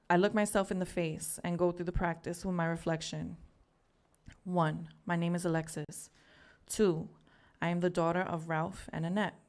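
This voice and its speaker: Low-voiced woman reading her poem. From New York City. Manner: earnest, measured reading with pauses. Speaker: open mic poet. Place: live open mic in a community venue.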